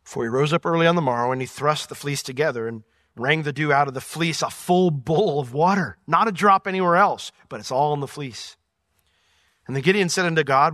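A man teaching through a Bible passage verse by verse, swinging between loud emphatic points and quiet asides. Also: on the high side, a little fast, no echo, clean studio sound. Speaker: pastor.

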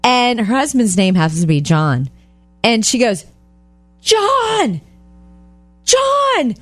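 A woman's voice: moderate pace, no room sound, faint music behind. Woman cohost telling funny stories, voice bouncing all over, dry close mic. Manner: animated storyteller, acts out quotes in high voices. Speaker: co-host. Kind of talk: casual radio show chat.

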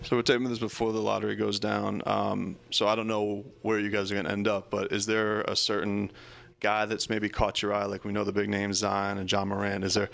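A man's voice: on the low side, completely flat delivery, fairly quick, creaky, fairly bright tone, faint music behind. A man interviewing a basketball player with loose, chatty questions. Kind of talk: casual sports interview.

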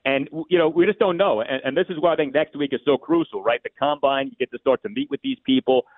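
A man's voice: mid-range voice, dry recording. Opinionated man over a tinny phone line. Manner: measured, opinionated, thinking aloud with restarts. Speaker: sports radio guest analyst. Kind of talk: call-in sports radio talk.

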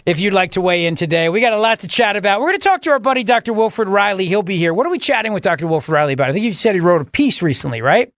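High-voiced, playful radio talk host. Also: male voice, animated, very fast, hardly any pauses, fairly bright tone, no echo, studio quality. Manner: mock-melodramatic, joking, self-deprecating. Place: radio studio.

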